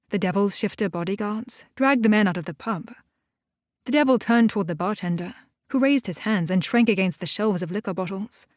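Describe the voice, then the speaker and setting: Female audiobook narrator, steady even first-person reading, no room sound. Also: mid-range voice, brisk, no echo, clean studio sound.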